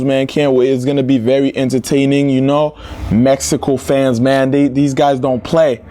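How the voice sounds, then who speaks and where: A man's voice: medium pitch, a little mellow. A young man hosting football news, chatty and joking, with slangy asides. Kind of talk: casual football news commentary.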